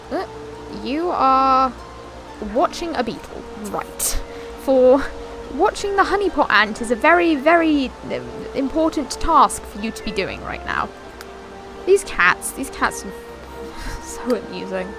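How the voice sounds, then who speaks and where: A young woman giving casual, chatty gameplay commentary while she plays, often bemused and quick to correct herself. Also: sits high. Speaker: gaming YouTuber.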